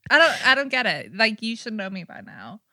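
A woman co-hosting a podcast in a chatty, animated, casual way. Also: fairly high pitch, brisk, dry recording, studio quality. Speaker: podcast co-host.

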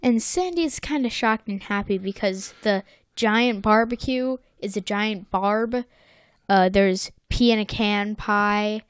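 A woman's voice: mid-range voice, slow pace, clean tone, dry recording, clean studio sound. Playful, rambling woman co-host. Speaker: podcast co-host. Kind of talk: casual episode recap chat.

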